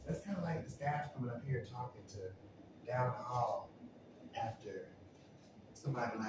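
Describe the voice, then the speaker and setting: Man, lively storyteller who acts out the voices he quotes, heard from a distance in a very echoey room over steady background noise. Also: medium pitch, unhurried, pauses often. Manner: animated, acts out quotes, laughs often. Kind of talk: casual anecdote storytelling.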